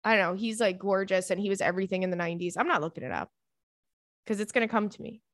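A young woman hosts a podcast in a mid-range voice, talking fast in casual, rambling chat, gushing and swearing freely. The recording is dry with clean studio sound.

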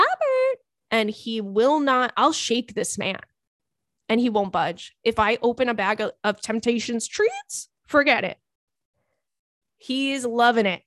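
Animated New woman podcast host. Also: on the high side, no echo, studio quality. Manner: animated, profane, quick asides with put-on voices. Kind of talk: casual comedic chat reading listener messages.

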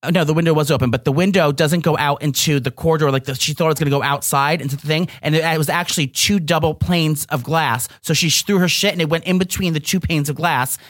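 A woman's voice: sits low, fast talker, hardly any pauses, no echo, clean studio sound. A young woman co-hosting a casual chat, blunt and joking, swearing freely. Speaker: podcast co-host.

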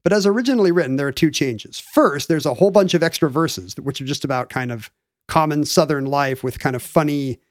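A slightly high-voiced man talks through a history topic in a loose, chatty way. He packs his talk with "you know" and "like" and restarts sentences as he goes. The sound is dry and close, with no room behind him. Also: brisk, no echo. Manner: explains history in a chatty, animated way with many fillers. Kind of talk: casual chat.

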